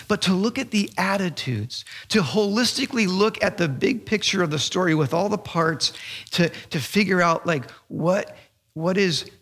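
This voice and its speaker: A middle-aged man preaching a sermon. He tells stories with animation and often restarts his sentences. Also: sits high. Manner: animated storytelling, halting restarts. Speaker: pastor.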